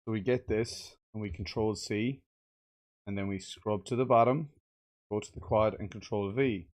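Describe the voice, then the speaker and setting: A man's voice: on the low side, normal speed, darkish tone. A man streaming game development, swearing and muttering in frustration as he follows a tutorial. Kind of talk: casual game dev livestream.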